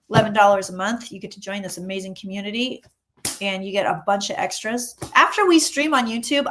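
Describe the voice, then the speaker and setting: A woman psychic chatting casually on a tarot livestream, chatty and animated, often acting out what people say. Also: mid-range voice.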